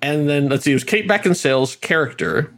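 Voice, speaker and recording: Rambling, fairly high-voiced male host. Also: animated, fairly quick, gravelly, fairly bright tone. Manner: rambling, friendly, stumbles into his questions. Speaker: podcast host. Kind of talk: casual interview chat.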